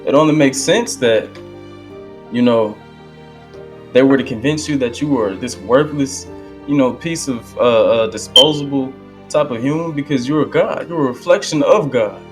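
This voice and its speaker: A man's voice: medium pitch, normal speed, soft background music. Emphatic man in casual commentary. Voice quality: conversational, emphatic, lapses into quoting others. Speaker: channel host reacting to a speech.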